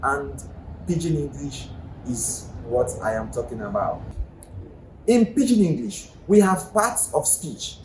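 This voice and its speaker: His voice is fairly high and a little mellow, very animated but slightly slow. Teaching a language with his Nigerian accent, he chats and explains while questioning the viewer, in a casual video lesson recorded in an echoey room with faint background noise.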